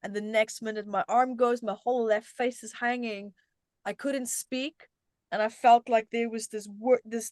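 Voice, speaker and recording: A middle-aged woman from South Africa with a fairly high voice speaks as an interview guest. She tells a personal story in an animated, conversational way and often restarts her sentences. The sound is close and dry, with no room echo. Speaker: guest, self-help author.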